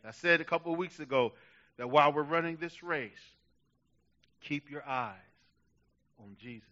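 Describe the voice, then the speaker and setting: A man preaching a sermon to a church, building from quiet passages to loud, emphatic shouts. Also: on the high side, moderate pace, dull audio. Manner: rising to shouts, dramatic.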